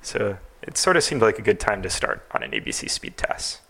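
Low, gravelly man, animated podcast guest. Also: brisk. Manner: thoughtful, hedging, lots of "like" and "um". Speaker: podcast guest, TAS creator. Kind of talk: casual podcast interview.

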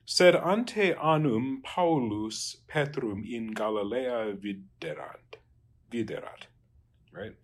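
A man working through Latin translation exercises as a teacher, halting and trailing off quietly. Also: mid-range voice, expressive. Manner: halting, many fillers and restarts, trails off quietly.

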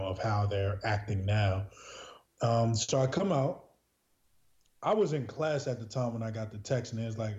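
A man's voice: fairly low pitch, mellow. A man from New Jersey, a podcast guest, telling a personal story in a casual, earnest way, full of filler words. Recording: dull lo-fi recording.

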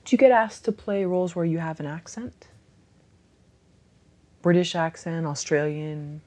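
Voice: mid-range voice, a little slow, dark tone. Curious interviewer asking questions.

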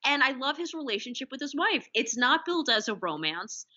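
Bright, lively woman chatting about a film. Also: sits high, a little fast, dull audio. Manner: animated, acts out quotes from the film. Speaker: podcast co-host. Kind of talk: casual film discussion.

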